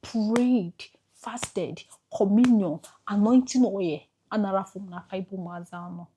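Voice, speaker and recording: A Nigerian woman vlogger telling an emotional personal story to camera, halting and repeating herself as she goes. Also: medium pitch, dark tone, slight background noise.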